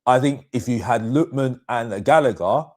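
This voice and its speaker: A man's voice: mid-range voice, moderate pace, a little mellow. A man calling into a football chat stream, searching for words and repeating phrases as he builds his point. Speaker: guest caller.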